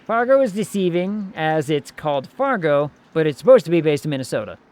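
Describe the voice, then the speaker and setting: Fairly quick and sing-song, with a slightly mellow, fairly high voice, this streamer jokes around while casually commenting on his gameplay. He keeps things playful and drops into silly voices.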